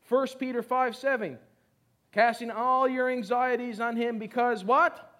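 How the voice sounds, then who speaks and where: Middle-aged preacher guy, high voice, hypes up the church, slows way down on the verses. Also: steady tone, a bit bright. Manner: exhorting, calls for congregation responses; reads scripture emphatically, slowing on key phrases. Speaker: pastor. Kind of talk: sermon.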